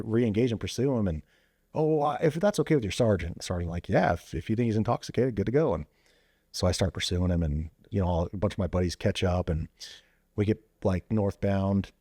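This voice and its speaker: A husky, dark voice that sits low tells a casual story; the speaker is a former police officer and veteran appearing as a podcast guest. He's loose, relying on "you know" and "like," and acts out quoted dialogue with abrupt voice jumps. The audio is studio quality with no echo.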